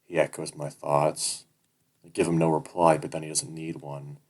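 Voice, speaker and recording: A male audiobook narrator reading a first-person fantasy story in a measured, introspective way. His voice is extremely low and deep. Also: flat delivery, a little mellow, low-quality recording.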